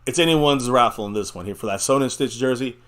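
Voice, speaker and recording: A man's voice: mid-range voice, fast, fairly bright tone. A man hosting a live fan chat stream, talking casually and rambling, with frequent laughs and the odd swear.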